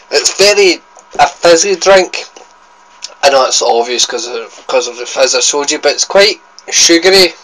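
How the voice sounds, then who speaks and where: A man's voice: a little high, lively intonation, moderate pace, fairly bright tone, rough recording. A young Scottish man with a Scottish accent, chatting casually as he tastes sweets on his food vlog, rambling and correcting himself as he goes. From Scotland. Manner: rambling, chatty, self-interrupting. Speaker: food vlogger.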